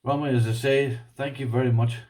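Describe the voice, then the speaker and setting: A man's voice: medium pitch, fairly even intonation, brisk, darkish tone. A man with an Irish accent, chatting casually as he unboxes and tries out padlocks, rambling with restarts. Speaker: lock-picking vlogger.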